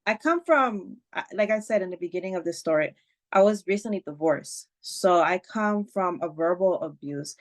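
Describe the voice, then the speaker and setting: Lowish-voiced woman telling a story. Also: a bit bright. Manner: emotional retelling, swears freely, many fillers. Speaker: podcast guest. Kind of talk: casual storytelling chat.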